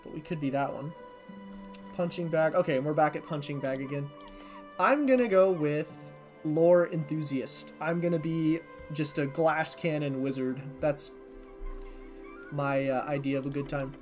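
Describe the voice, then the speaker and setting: A streamer in a casual first playthrough who reads each option aloud, then muses on it in an easy, mid-pitched voice. They pause to puzzle over words they aren't sure how to say. Soft game music runs quietly behind. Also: steady tone. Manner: stumbles over unfamiliar words. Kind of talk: casual let's-play commentary.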